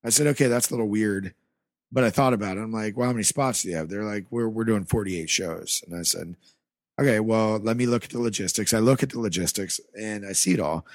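A man's voice: lowish voice, quick pace, no echo, studio quality. A man guest on a podcast, casually telling a story from his life with lots of swearing and acted-out dialogue, from the American Rust Belt. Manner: animated, swears freely, acts out dialogue.

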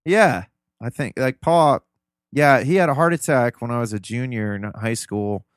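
A man's voice: medium pitch, normal speed, no echo, studio quality. A man from Ohio, a podcast guest, telling family stories in a loose, earnest, rambling way. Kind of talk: casual interview storytelling.

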